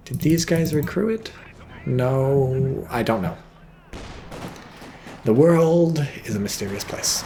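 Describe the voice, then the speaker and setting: A man giving casual, rambling game commentary, joking and swearing and getting excited as things happen. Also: mid-range voice, a little slow, a little hiss or hum. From not British. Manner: rambling, jokey, swears freely, gets excited.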